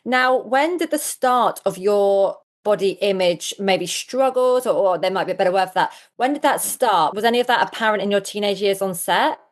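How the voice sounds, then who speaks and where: Woman podcast host, mid voice, asks careful questions, lots of yeahs. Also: medium pitch. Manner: measured, searching questions with brief affirmations. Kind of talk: interviewing a guest.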